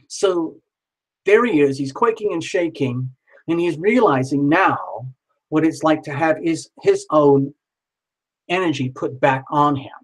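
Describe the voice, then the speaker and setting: Man, casual storyteller, rambling, repeats phrases, light swearing, slightly high voice. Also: poor audio.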